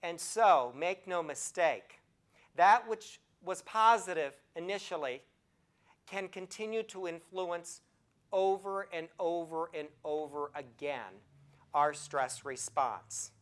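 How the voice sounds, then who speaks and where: Lively older woman giving a health talk. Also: lowish voice, slow. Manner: animated storyteller, asks the audience direct questions. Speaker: nursing professor and speaker. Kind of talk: health talk to a live audience.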